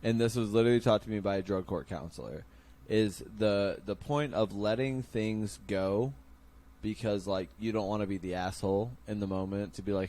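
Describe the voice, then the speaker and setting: A young adult man hosts a casual podcast, speaking bluntly with heavy profanity and acting out the lines he quotes. His voice is fairly low and dark-toned, at a moderate pace.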